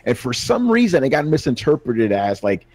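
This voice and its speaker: A man co-hosting a gaming podcast, telling stories in a relaxed, slangy way. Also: mid-range voice, moderate pace, dry recording. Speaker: podcast co-host and games journalist. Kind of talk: casual chat.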